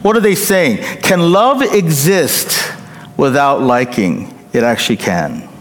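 This pastor preaches slowly in an animated, mid-range voice, building to loud peaks and then dropping to quiet endings while regularly checking in with his congregation. A long hall reverb fills the recording, along with a little hiss or hum.

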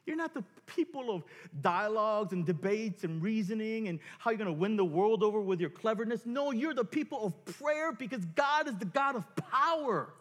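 A male pastor delivers a sermon in a high, highly expressive voice, swinging up and down as he acts out scenes. He pokes fun at himself while telling the story. The sound carries a long reverb, like a large church hall. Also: normal speed. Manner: animated, self-mocking, acts out scenes.

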